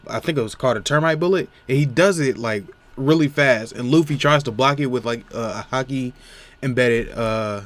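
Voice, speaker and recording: A man giving a casual, rambling recap of a comic chapter, full of fillers and restarts. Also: mid-range voice. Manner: rambling, many fillers like "you know what I'm saying". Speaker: manga reviewer.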